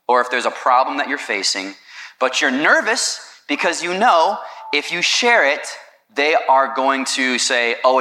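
Pastor guy giving a sermon, chatty, keeps asking the crowd questions, bright forceful voice. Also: mid-range voice. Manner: conversational, asks the listeners questions.

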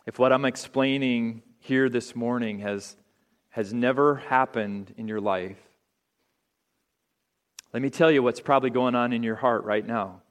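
A man preaching a sermon in an auditorium, earnest and deliberate, letting phrase ends drop softly. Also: mid-range voice. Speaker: pastor.

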